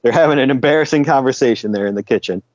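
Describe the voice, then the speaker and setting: A man's voice: mid-range voice, racing, no room sound, dull audio. A man co-hosting a podcast, retelling a comic book story in loose, casual chat, chuckling often and swearing now and then. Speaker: podcast co-host.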